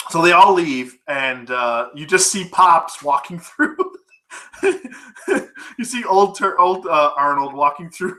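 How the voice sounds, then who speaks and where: Male film reviewer, casual and rambly, swears and laughs a lot, crisp bright tone. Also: on the high side. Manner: rambling, laughing, profane, full of fillers. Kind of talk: casual movie recap.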